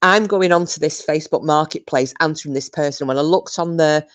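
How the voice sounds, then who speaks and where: Chatty low-voiced British woman. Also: brisk. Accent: British English. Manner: chatty, rambling, many restarts and fillers. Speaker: livestream host. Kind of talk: casual live chat reading viewer comments.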